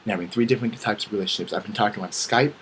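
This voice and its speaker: Fast-talking young man ranting. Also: on the low side, slight background noise, poor audio. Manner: profane, animated, acts out quoted dialogue. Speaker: vlogger. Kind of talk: casual comedic rant.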